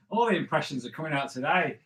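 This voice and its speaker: A man's voice: fairly high pitch, bright, forceful tone, poor audio. A man hosting a live drawing stream, chatting playfully with viewers and thinking aloud as he draws. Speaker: comic artist host.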